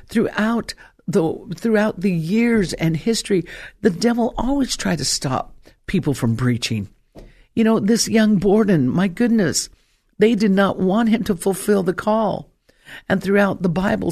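An older woman evangelist preaches a sermon with force in a fairly low-pitched voice. She fires off rhetorical questions, lands her points with emphasis, and climbs to loud peaks.

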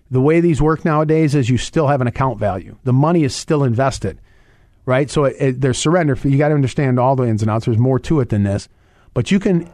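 A man hosting a financial advice radio show, talking fast and rambling, with many restarts and fillers. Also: mid-range voice, darkish tone, dry recording, clean studio sound. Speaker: radio show host and investment advisor.

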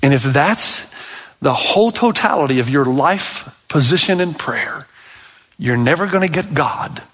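A middle-aged man preaching a sermon, with a notably high voice. He talks straight to the congregation and leads them in repeating lines aloud. As he tells stories, he builds into an impassioned delivery. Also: expressive, a little slow, a bit bright, breathy edge. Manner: impassioned, rising pitch when telling stories; addresses congregation directly, leads repetition. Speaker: pastor.

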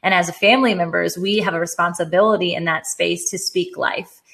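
A woman's voice: fairly low pitch, fairly even intonation, fairly quick, vocal fry, a bit bright. A woman hosting a faith podcast interview, responding in an affirming, reflective way. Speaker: podcast host. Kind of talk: interview conversation.

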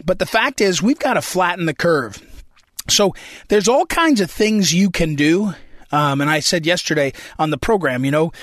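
Male commentary host, slightly high voice, conversational with hesitations, dry recording. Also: animated, normal speed, a bit bright, no room sound. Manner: conversational, many ums and restarts, clears throat. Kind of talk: unscripted political commentary.

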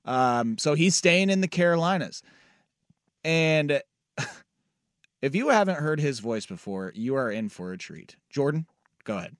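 A man's voice: fairly high pitch, lively intonation, a little slow, long pauses, no echo. A man hosting a sports radio show, talking in casual, playful banter with many "uh"s and frequent laughs.

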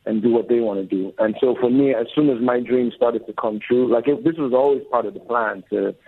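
A man's voice: medium pitch, fairly quick, breathy edge. A man in his forties, a record label co-founder, talking earnestly and reflectively as an interview guest. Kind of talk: casual interview talk. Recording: dull lo-fi audio with faint music.

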